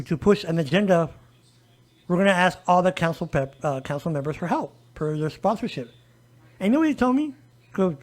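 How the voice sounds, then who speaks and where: High-voiced man telling an animated story. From El Paso, Texas. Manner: animated storytelling, acts out quoted dialogue. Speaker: disability advocate guest. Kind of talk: casual podcast conversation.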